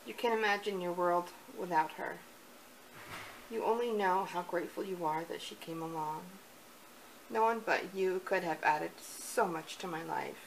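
A young woman gushing with excitement as she unboxes a parcel, gasping and cooing over each item in a casual vlog. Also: on the low side, normal speed, slight background noise, rough recording. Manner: gushing, excited, breathy gasps. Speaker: vlogger.

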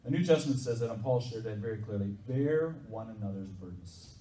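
A man's voice: lowish voice, animated, fairly quick, dark tone. Man preaching in an echoey hall. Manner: conversational, asks the congregation questions. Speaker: pastor. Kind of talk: sermon. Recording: echoey hall, distant mic, faint noise.

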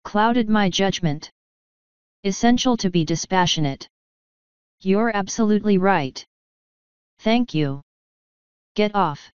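A woman voicing an angry, pompous male wizard who snarls and forces himself to sound calm. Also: mid-range voice, takes it slowly, long pauses, clean tone, no echo, muffled recording. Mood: seething.

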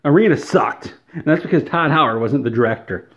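A man's voice: mid-range voice, lively intonation, brisk, lo-fi sound. A man delivering a satirical, mock-outraged rant in an exaggerated, whiny way. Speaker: comedy video creator.

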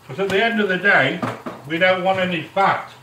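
A middle-aged man hosting a live-stream cooking chat, talking straight to his viewers and giving them shout-outs. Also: high voice, normal speed, distant mic, slight background noise. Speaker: cooking channel host. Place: home kitchen. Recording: echoey kitchen, speaker off-mic. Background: frying and sizzling in the pan.

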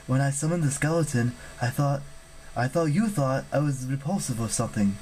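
A man's voice: mid-range voice, expressive, darkish tone, close to an everyday voice, poor audio. A shy, awkward teenage boy, read by a man who stammers and trails off. The voice stays close to a plain reading voice, only hesitant. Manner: halting, stammering.

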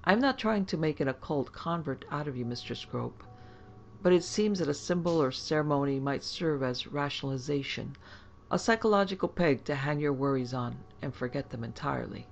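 A woman voicing a calm, learned older judge who speaks in a measured, solemn way in an audiobook reading. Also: low-pitched, vocal fry, lo-fi sound, a little hiss or hum.

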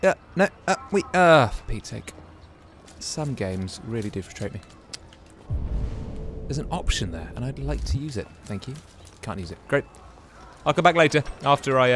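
A man talking his way through a video game with chatty, musing commentary. His pitch rises and falls a great deal, and he keeps breaking into exclamations. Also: expressive, normal speed, a bit bright, slight background noise. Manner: chatty, exclaims and muses aloud while playing. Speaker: gaming YouTuber. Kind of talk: casual gameplay commentary.

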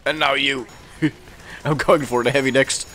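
A young man giving casual, excitable commentary while playing a game, laughing often and calling out to the other players. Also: mid-range voice, moderate pace. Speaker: gameplay commentator.

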